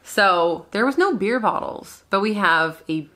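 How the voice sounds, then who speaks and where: A woman co-hosting a casual reaction show, chatting and agreeing in quick replies. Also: mid-range voice, expressive, pushed and bright.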